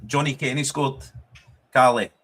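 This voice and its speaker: A man's voice: medium pitch, fairly even intonation, unhurried, a bit bright. A young Scottish man hosts a live football watchalong. He talks casually to his chat in a mid-range voice, swears freely and breaks into laughter often. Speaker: streamer hosting a football watchalong.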